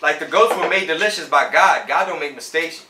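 Bright-voiced comedian on live stream. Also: male voice, a little high, expressive, a little fast, recorded from a distance. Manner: slangy, switches into Spanish for bits. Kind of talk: casual joking live-stream chat. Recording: echoey room, voice a bit off-mic, faint noise.

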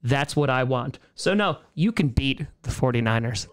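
A man's voice: medium pitch, animated, moderate pace, clear, resonant tone. A man in his thirties hosting a casual live-streamed Q&A from home, joking, sarcastic and riffing on viewer comments. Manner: jokey, sarcastic, reads chat aloud and riffs on it.

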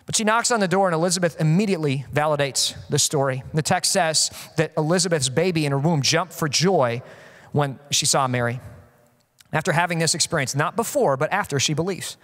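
A man in his thirties, a pastor preaching a sermon and telling stories in an animated, joking way with acted-out quotes. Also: a little high, brisk, big-room sound. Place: church.

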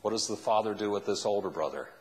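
A man's voice: fairly low pitch, quick pace. A man preaching a sermon as a pastor, asking the listeners question after question. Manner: asks the listeners many questions. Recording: long hall reverb.

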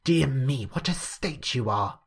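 A man's voice: medium pitch, expressive, a little slow, vocal fry, breathy edge, heavily acted. Man reading as strict old housekeeper lady, short and cold. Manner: curt, cold. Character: stern older Victorian housekeeper woman.

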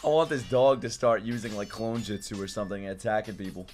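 A young man reacting to an anime episode, swearing, laughing and shouting as he comments. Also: fairly low pitch, fast talker. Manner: loud, profane, laughs and shouts often. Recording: anime soundtrack music playing loudly underneath.

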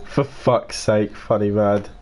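A nineteen-year-old British man streams live, talking casually, responding to viewers by name, and swearing and grumbling during play. He has a mid-range voice, and the background is noisy.

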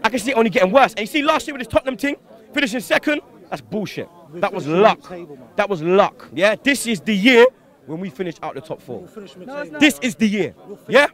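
High-voiced young man ranting angrily. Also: big pitch swings, brisk, a bit bright. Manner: heated, swearing, slang-heavy, rhetorical questions. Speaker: fan interviewee. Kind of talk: angry post-match fan rant. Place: outdoors on a city street after a match.

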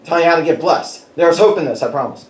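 Animated man preaching in an echoey hall. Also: a little high, fast talker, recorded from a distance. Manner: animated, chuckles through his stories. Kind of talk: conversational sermon storytelling. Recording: echoey hall with faint background noise.

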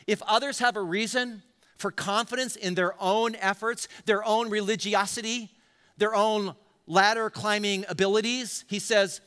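Pastor guy preaching a sermon, high bright voice, lots of repeating, echoey church hall. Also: normal speed, clear, resonant tone. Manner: energetic preaching with repetition and quoted scripture. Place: church auditorium.

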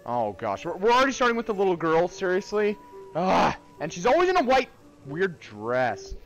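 A young man narrates his own fright as he plays, talking to himself and yelping when startled. His voice swoops up and down in a lively way, and it sits a touch high for a man. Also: moderate pace, lo-fi sound, soft background music. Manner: jumpy, exclaiming, nervous laughs, talks to himself. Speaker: friend trying a VR game. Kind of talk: live reactions while playing a horror game. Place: friend's home.

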